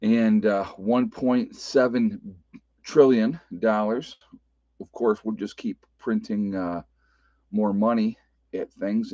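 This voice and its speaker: This livestream host has an Appalachian American accent and a lowish, steady, dark voice, taking his time as he speaks. Captured as dry, dull lo-fi webcam audio, he chats loosely, laughs frequently and often starts his sentences over.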